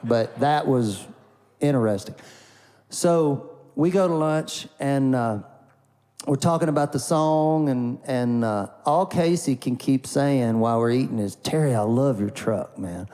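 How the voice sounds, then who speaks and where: A man's voice: mid-range voice, a little slow, dark tone, big-room sound. A man, a country songwriter, telling a story in a folksy, rambling way, often repeating "and, and" and "uh" between thoughts. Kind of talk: storytelling before an acoustic song.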